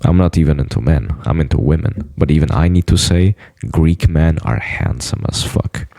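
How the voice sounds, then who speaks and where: A man's voice: very deep voice, lively intonation, moderate pace, gravelly, mellow, dry recording. A man in a boastful, blunt, profane monologue to camera. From United States. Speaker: vlogger.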